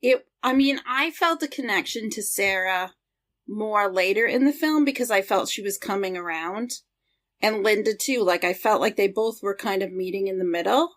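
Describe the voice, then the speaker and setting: A female podcast co-host with a mid-range voice chats about a film. She talks in a relaxed, reflective way and readily agrees with her co-host. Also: medium pitch, moderate pace. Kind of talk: casual film discussion.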